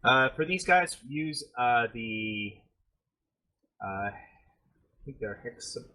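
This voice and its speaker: A man's voice: mid-range voice, animated, slow pace, bright, forceful tone. A man acting as game master, narrating a tabletop combat and thinking aloud between rulings.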